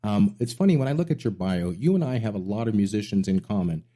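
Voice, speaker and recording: A man's voice: lowish voice, expressive, quick pace, mellow. A middle-aged man hosting a music radio show, telling rambling stories with enthusiasm. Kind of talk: casual interview chat.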